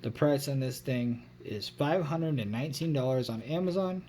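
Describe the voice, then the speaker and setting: A man's voice: medium pitch, normal speed, mellow, a little hiss or hum. Casting: a male tech vlogger with a mid-range voice, loose and rambling, second-guessing his figures. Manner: rambling, self-correcting, unsure of his numbers. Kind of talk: casual phone review.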